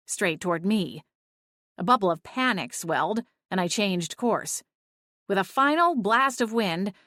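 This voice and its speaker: A woman narrating a story in the first person, expressive and lively, reading from a script. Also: mid-range voice, dry recording, studio quality. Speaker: audiobook narrator.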